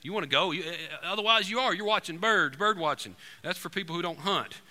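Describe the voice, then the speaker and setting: A man preaching to a congregation, telling an animated, joking hunting story to the room. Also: sits high, quick pace. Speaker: pastor. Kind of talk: storytelling sermon. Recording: long reverb in a large hall.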